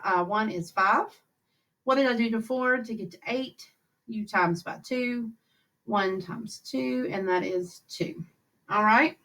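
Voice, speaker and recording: A woman's voice: mid-range voice, a bit bright. A woman teacher talking students through fraction problems in a recorded lesson, chatty and upbeat, thinking aloud as she works each step. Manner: chatty, upbeat, talks to kids while working problems aloud. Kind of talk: recorded math lesson over slides.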